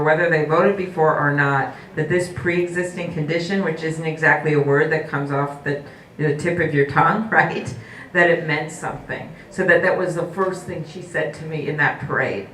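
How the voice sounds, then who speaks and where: A woman's voice: deep voice, a bit bright. Woman giving a speech in an echoey hall. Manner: storytelling, with hesitant fillers. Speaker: political candidate. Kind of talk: campaign speech at a forum. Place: indoor forum hall. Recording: echoey hall from far off, faint noise.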